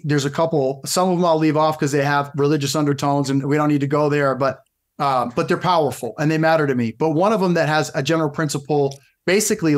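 A middle-aged man with a slightly high voice, telling stories on a podcast as a guest fitness coach. He talks animatedly, jumping back and restarting his sentences as the story runs on. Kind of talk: casual storytelling interview.

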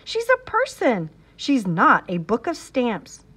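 A woman's voice: a little high, wildly swooping pitch, slow, fairly bright tone, breathy edge, exaggerated voice. A woman voicing a stern but loving young mother in a read-aloud storybook, scolding firmly. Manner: firm, scolding.

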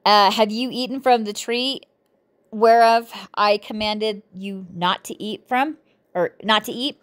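A woman's voice: mid-range voice, measured pace, clear, resonant tone. A woman reading scripture and a devotional book aloud, with frequent self-corrections and playful, giggly asides.

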